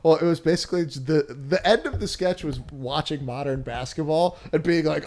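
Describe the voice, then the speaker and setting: A man's voice: a little high, normal speed, few pauses, a little mellow. A man who is a comedian guest on a podcast, telling a story in a rambling way and laughing between sentences. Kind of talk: casual podcast chat.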